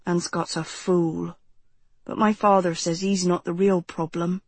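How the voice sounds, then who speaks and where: A grave, soft-spoken young man, as a woman narrator puts him on talks low and measured in an audiobook. The voice stays slow and a little husky, close and dry. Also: level tone, no room sound. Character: serious, kind eighteen-year-old young man. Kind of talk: audiobook character voice.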